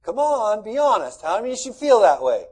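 A man's voice: high voice, sing-song, a little fast, a little mellow, husky, low-quality recording. A middle-aged man pastor giving a conversational, folksy sermon with asides to the congregation.

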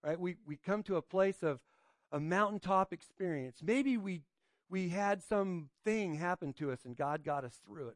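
A pastor giving an informal sermon, reading scripture and asking his listeners questions, often adding "right?" and pausing on fillers. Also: high-pitched, no room sound, studio quality. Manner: hesitant, with frequent fillers and restarts.

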